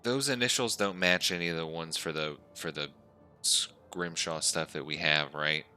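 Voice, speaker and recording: A man's voice: a bass voice, moderate pace, pushed and bright, soft background music. A man playing a tabletop game in character, talking in an easygoing, friendly way. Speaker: player. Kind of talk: in-character tabletop role-play.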